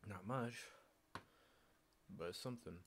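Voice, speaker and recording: A man's voice: lowish voice, slow pace, fairly bright tone, slight background noise. A young man streaming, rambling in a casual monologue, sardonic and swearing freely.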